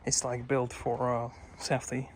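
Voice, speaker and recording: A man's voice: mid-range voice, completely flat delivery, moderate pace, a little hiss or hum. A man narrating a casual walking tour vlog, talking to viewers with many hesitant fillers, recorded on a handheld phone. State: breathing heavily while climbing. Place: old fort, indoors and out.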